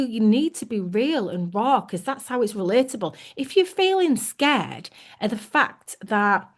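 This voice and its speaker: A woman giving a candid, animated motivational talk as a business coach, acting out inner thoughts as she goes. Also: on the high side.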